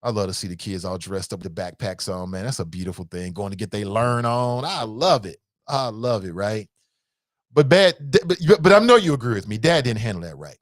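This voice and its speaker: A man's voice: fairly low pitch, lively intonation, brisk, no echo, clean studio sound. A man hosting a call-in talk show, giving casual, emphatic commentary in slangy speech, repeating his points and laughing often.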